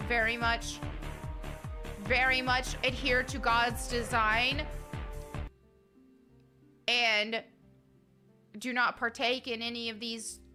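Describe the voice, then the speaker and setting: Female game streamer, high bright voice, giggly and chatty, reads chat aloud. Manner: chatty and giggly, with frequent fillers and restarts. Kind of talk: casual live-stream chat, reading viewer messages.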